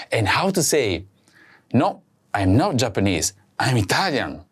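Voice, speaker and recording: A man hosting a language lesson, speaking slowly and clearly and saying each word twice for practice. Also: mid-range voice, big pitch swings. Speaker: language teacher host. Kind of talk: slow scripted lesson with repeat-after-me drills.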